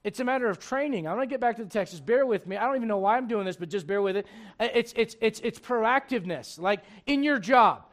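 A man preaching a sermon in church, animated and digressive, with frequent asides to the congregation. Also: high-pitched, fast. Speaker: pastor. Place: church sanctuary.

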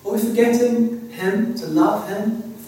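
A man preaching a sermon. He speaks earnestly and haltingly, often repeats words and asks rhetorical questions. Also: sits high, mellow, slight background noise. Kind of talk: expository sermon. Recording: very echoey hall, speaker far from mic.

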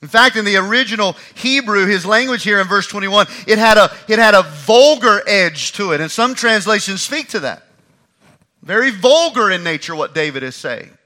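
Bright, high-voiced male preacher. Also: moderate pace. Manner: animated preaching, acting out quoted lines. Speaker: pastor. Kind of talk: sermon.

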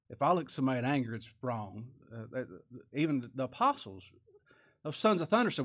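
A man preaching a sermon, swinging from loud, high exclamations down to quiet, soft asides. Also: animated, fairly quick. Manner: preaching with sudden rises in pitch and volume, dropping to quiet asides. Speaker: pastor.

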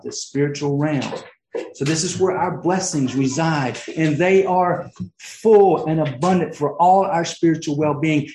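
A male preacher delivering a sermon with fervent swings between exclamations and hushed near-whispers. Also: a little high, roomy sound, rough recording.

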